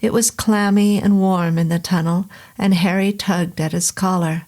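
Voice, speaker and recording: A woman reading a vintage horror novel aloud as narrator, in a steady, unhurried storytelling manner. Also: fairly low pitch. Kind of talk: scripted audiobook narration.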